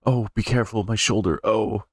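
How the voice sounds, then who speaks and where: A man's voice: low-pitched, lively intonation, brisk, no echo, studio quality, pitched above the performer's own voice. A man putting on a bitter, weepy woman. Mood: pained.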